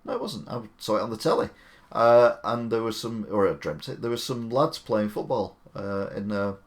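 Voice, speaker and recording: Male streamer, slightly low voice, casual and opinionated, rambles. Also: expressive, moderate pace. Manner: chatty, opinionated, rambling asides. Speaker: live-stream host. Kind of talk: casual live-stream commentary.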